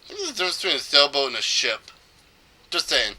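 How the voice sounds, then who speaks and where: A man's voice: medium pitch, animated, fast, pushed and bright. A young man casually commentating a video game, joking and rambling with many fillers. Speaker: let's player.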